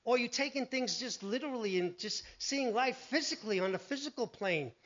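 A man preaching a sermon, animated, telling Bible stories and acting out the voices in them. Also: very high voice, a little fast. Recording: dull lo-fi recording.

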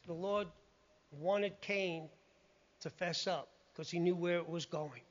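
A man's voice: high-pitched, slow. A man preaching a sermon in a conversational, emphatic way, often quoting scripture. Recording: muffled lo-fi recording.

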